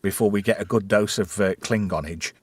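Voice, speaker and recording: A man's voice: fairly low pitch, fairly quick, breathy edge, dry recording. A man hosting a casual, crude chat show, riffing bawdy jokes and laughing a lot. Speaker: podcast host.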